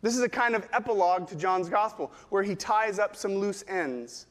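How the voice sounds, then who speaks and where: A man preaching a sermon, teaching in a measured way and posing rhetorical questions to the congregation. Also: sits high. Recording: long hall reverb.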